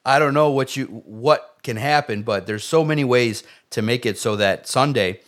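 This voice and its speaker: Excitable man talking wrestling. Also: mid-range voice, moderate pace. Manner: animated, excitable, acts out quotes. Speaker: wrestling podcast co-host. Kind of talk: casual chat.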